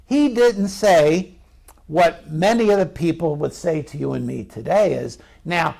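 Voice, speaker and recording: Middle-aged male pastor, gravelly, higher pitch, chatty sermon delivery. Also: unhurried, darkish tone. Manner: conversational preaching with rhetorical questions to the congregation.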